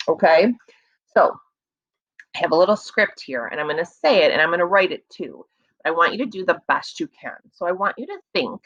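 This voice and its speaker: A woman teacher giving a slow, patient early reading lesson to young children, repeating words and stretching out sounds to encourage them. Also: fairly low pitch, a bit bright, highs cut off.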